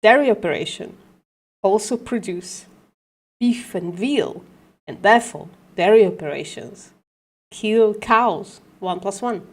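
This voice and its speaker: A woman hosting a casual livestream, working through logic aloud in a halting, self-correcting way, swearing and laughing at herself. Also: mid-range voice. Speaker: livestream host.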